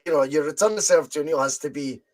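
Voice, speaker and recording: A man co-hosting a casual podcast chat, telling stories in an animated way and swearing freely. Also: a little high, fast, slight background noise. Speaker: podcast co-host.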